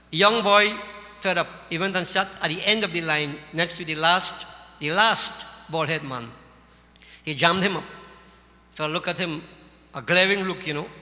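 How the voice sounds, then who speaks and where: A man's voice: high voice, sharp tone. A man with a Caribbean English accent giving a sermon, telling a folksy story and speaking to his listeners as devotees. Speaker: Hindu religious teacher. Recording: long hall reverb.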